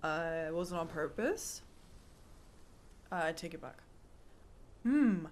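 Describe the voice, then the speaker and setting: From a room at home, a young woman with a non-native accent gives casual, playful live-stream commentary on a horror game, swearing a lot and scolding the on-screen characters. Her low, darkish voice is expressive, and she takes it slowly.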